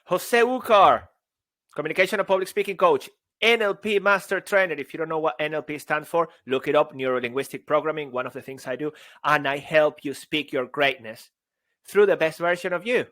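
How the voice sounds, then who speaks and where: A man's voice: on the high side, fairly quick, no echo. Guy coaching public speaking on a podcast, joking around, dry close sound. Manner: playful, bursts into excited shouts. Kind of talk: casual podcast chat.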